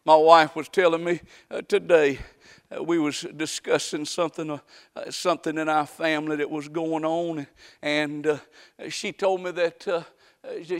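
A man preaching a sermon, shouting some lines and hushing others, with folksy repeated questions to his congregation. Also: fairly high pitch. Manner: swings from shouted calls to hushed asides.

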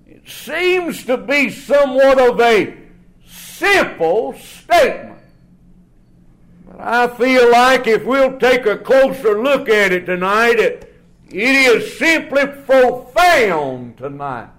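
A man preaching a sermon in a church in a folksy, drawn-out way, often dropping to a low murmur. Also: very animated, a bit bright.

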